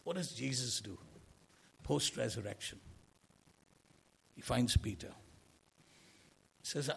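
A man's voice: medium pitch, lively intonation, measured pace, creaky, long pauses, fairly bright tone, breathy edge. A man preaching a sermon in an earnest way, asking rhetorical questions and swelling into emphasis.

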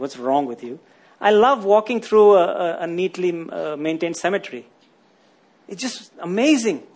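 A man preaching a sermon, often asking his listeners rhetorical questions and tagging lines with "isn't it?". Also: high-pitched.

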